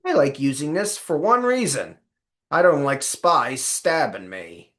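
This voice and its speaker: Man, casual game-guide narrator, put-on Australian accent, playful and rambling, lively pitch. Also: measured pace. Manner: playful, rambling, with self-corrections.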